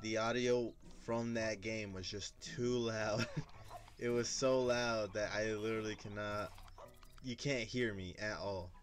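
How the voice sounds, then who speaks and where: A man's voice: on the low side, steady tone, a little slow. A young man giving casual, chatty gameplay commentary straight to his viewers. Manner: chatty, laid-back, talks to viewers. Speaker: gameplay video creator. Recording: faint game music behind.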